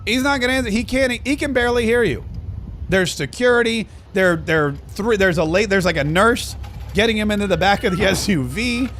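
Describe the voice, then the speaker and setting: A man from Florida hosts a political commentary podcast in a fairly high voice. He riffs loosely and mocks his subjects with sarcastic asides. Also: brisk, a bit bright, a little hiss or hum. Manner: mocking, riffing asides. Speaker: podcast host.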